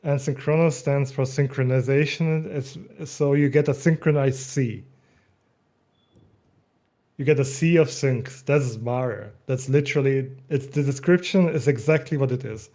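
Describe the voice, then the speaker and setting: Brief: male guest, dark mellow voice, easygoing explainer. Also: mid-range voice, a little slow. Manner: relaxed, explanatory, laughs often. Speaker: mod developer, guest. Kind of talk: casual interview.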